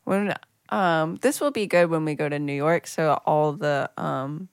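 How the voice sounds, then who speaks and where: A woman with a low voice for a woman, talking plainly and matter-of-factly in a casual chat. The sound is dry and close, with no room echo. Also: a little slow, smooth.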